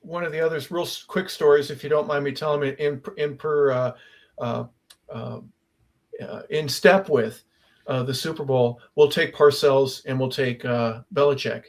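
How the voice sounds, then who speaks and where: A man's voice: medium pitch, normal speed. A man hosting a sports talk radio show, telling a long anecdote and acting out the voices of the people in it. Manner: animated storyteller, acts out quoted voices. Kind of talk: casual sports talk storytelling. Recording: online radio show remote mic.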